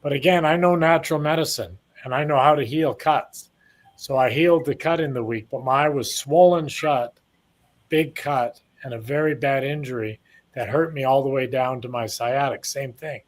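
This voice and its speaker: In a casual interview, a retired boxer from Canada in his sixties talks at a moderate pace with a mid-range voice. His stories run long and wander, and he plays out the lines he quotes.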